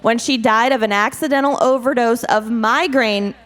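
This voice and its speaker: High-voiced woman telling a crime story. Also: moderate pace, fairly bright tone. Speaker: podcast co-host finishing her case. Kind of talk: comedic true-crime storytelling at a live show.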